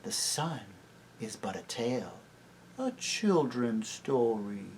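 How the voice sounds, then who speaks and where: Soft cooing whisper, scheming witch queen, slow, storybook voiced by a man. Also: medium pitch, big pitch swings, a little hiss or hum. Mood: mocking.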